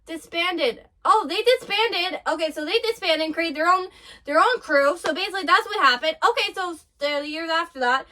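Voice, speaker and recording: A woman reacting to an anime episode in casual commentary, giggling often and gushing excitedly in broken-off fragments. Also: very high voice, a little fast.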